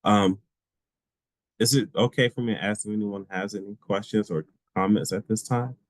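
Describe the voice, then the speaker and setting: A man's voice: on the low side, moderate pace, no room sound. A man leading a disability awareness training session, telling personal stories in an easygoing way with fillers. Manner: relaxed storytelling with frequent fillers and laughs.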